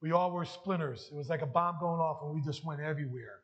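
A man's voice: a little high, fast talker, dull audio. A man preaching a heartfelt sermon and sharing his testimony, emotional at times. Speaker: pastor.

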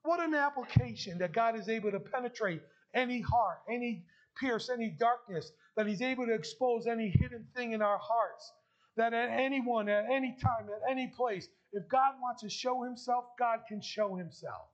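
A man preaching a sermon as pastor, emphatic and rising to loud bursts. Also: extremely high pitch, moderate pace. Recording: dull lo-fi sound.

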